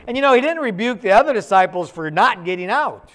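A man preaching a sermon in a conversational, animated storytelling way, acting out quick asides. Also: sits high.

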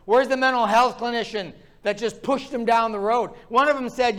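A man preaching with a noticeably high-pitched voice, ranting with fervor. He pounds the pulpit as he drives his points home in a sermon. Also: steady tone, normal speed, hardly any pauses, fairly bright tone. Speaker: pastor.

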